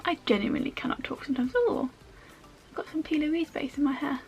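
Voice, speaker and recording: A woman with a high voice talks fast while doing a makeup tutorial at home. She's a makeup vlogger who rambles as she works, tossing in self-mocking asides.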